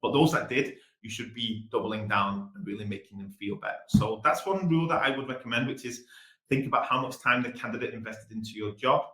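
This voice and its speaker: A man with an English accent giving a fast-paced business webinar presentation. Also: mid-range voice, roomy sound, low-quality recording. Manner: fast-talking, energetic.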